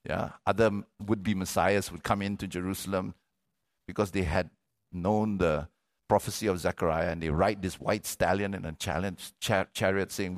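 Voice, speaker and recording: A man's voice: sits low, normal speed. Middle-aged man preaching a sermon. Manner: animated, repeats words, asks the crowd for amens. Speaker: pastor.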